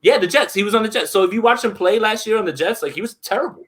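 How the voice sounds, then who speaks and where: A man's voice: high voice, very fast. A man co-hosting a sports podcast, talking casually with lots of fillers and restarts. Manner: animated, many fillers and restarts. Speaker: podcast co-host.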